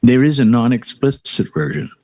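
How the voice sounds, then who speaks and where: An older man guest telling playful stories in a soft, low, husky voice. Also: fairly even intonation, moderate pace, recorded from a distance. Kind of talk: casual interview chat.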